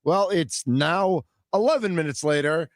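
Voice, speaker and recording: A man's voice: on the high side, a little slow, no echo, clean studio sound. Playful man hosting sports radio. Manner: playful, joking banter. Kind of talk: casual sports radio chat.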